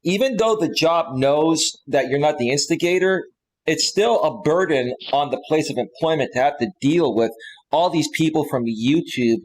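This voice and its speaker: A man in his forties from California, hosting a live stream panel in a rambling, animated way. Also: fairly high pitch, moderate pace, low-quality recording. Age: 40s. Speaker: host.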